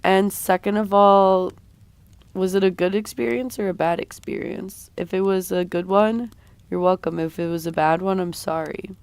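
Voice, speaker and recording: A woman's voice: medium pitch, fairly even intonation, moderate pace, darkish tone, smooth, dry recording. A woman streamer chatting casually with her viewers while she draws, her voice sounding a bit sick. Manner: chatty, talks while drawing, reads and answers chat. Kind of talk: casual drawing livestream chat.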